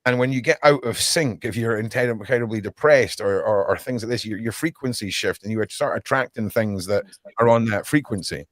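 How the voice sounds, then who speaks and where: Scottish man, podcast guest, low voice, dry recording, loose rambling talk. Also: a little fast, few pauses, dry recording. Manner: relaxed storytelling, repeats words. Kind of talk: casual chat.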